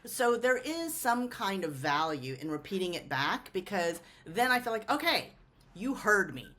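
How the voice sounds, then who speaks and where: A woman's voice: medium pitch, very animated, normal speed, fairly bright tone. A woman hosting a podcast, a lawyer explaining ideas with examples and often checking in with "right?". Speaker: host, lawyer. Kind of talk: conversational explaining.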